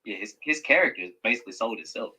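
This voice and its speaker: A man's voice: medium pitch, animated, quick pace, bright, forceful tone, husky, poor audio. A man who is a professional wrestler, talking as a podcast guest in an enthusiastic, casual way. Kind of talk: casual chat.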